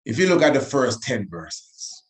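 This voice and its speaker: A man teaching the Bible on the radio, emotional, repeating phrases and reading scripture slowly with emphasis. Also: medium pitch, big pitch swings.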